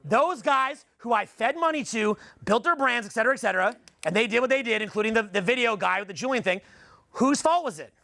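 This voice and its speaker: Man, Canadian accent, forties, live seminar talk, rhetorical and profane, tense bright tone, dry close sound. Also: extremely high pitch, animated, brisk, creaky, no room sound. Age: 40s. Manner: profane, blunt, rhetorical questioning of the audience. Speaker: seminar speaker.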